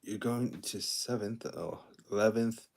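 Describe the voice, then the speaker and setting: A young man chats casually on a livestream, answering viewers in a tired, subdued, low-key way. His voice sits very low with a gravelly, creaky edge. A faint hiss of noise sits under the recording. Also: a little slow. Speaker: livestream host. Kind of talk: casual livestream chat reading comments.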